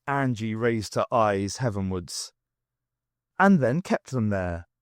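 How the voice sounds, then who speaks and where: A man reading a novel aloud, unabridged, with a wry, expressive delivery. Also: fairly low pitch, slow, clear, resonant tone, dry recording, studio quality. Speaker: audiobook reader.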